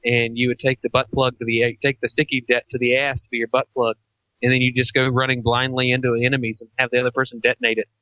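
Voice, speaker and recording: A man co-hosts a casual chat show, his relaxed talk full of pauses and restarts. The sound is dry and a little dull, as if from a modest mic. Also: medium pitch, dry recording. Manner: relaxed, halting, with frequent restarts and fillers. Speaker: podcast co-host.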